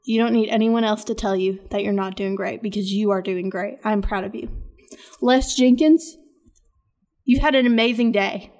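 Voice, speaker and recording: A woman's voice: medium pitch, steady tone, normal speed, a little mellow. A woman hosting a podcast, talking casually in an earnest, rambling and encouraging way. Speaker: podcast host.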